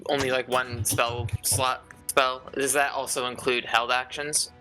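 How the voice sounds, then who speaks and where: A man playing a tabletop game, excitable and swearing freely, laughing often as he plans his moves. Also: medium pitch, unhurried, faint music behind. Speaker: player. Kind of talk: tabletop game play, casual.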